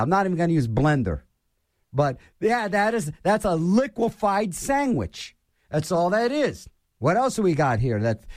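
A man's voice: on the high side, dry recording, studio quality. A man from Pittsburgh hosting a show, delivering a playful, mock-argumentative comic rant.

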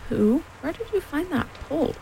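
A woman's voice: high-pitched, sing-song, moderate pace, gravelly, mellow, slight background noise, voice pushed up, heavily acted, low-quality recording. A woman voicing an earnest, solemn young boy.

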